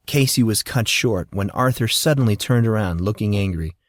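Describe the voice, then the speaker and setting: A man narrating an audiobook in a steady storytelling delivery, close to the mic. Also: fairly low pitch, normal speed, hardly any pauses, no echo.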